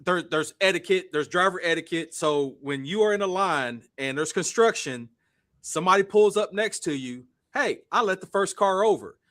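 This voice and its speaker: Bright high-pitched excitable man. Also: normal speed. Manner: animated, swears, acts out quotes loudly. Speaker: podcast co-host. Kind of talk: casual chat, storytelling.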